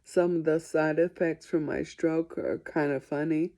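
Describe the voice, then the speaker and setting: A woman's voice: low-pitched, steady tone, a little slow, dark tone. A woman answering viewer questions in a casual vlog, chatty and self-deprecating.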